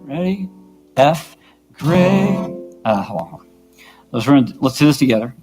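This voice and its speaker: A man's voice: on the high side, animated, a little slow. A man teaching a vocal workshop to a church worship team, patient and often checking that the group is following. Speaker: worship music instructor. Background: his own guitar.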